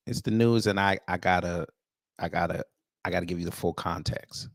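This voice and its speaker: A man's voice: low-pitched, fairly quick, gravelly, no echo, studio quality. A man hosting casual reaction commentary, talking to his viewers as family with frequent stammered restarts. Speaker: commentary show host.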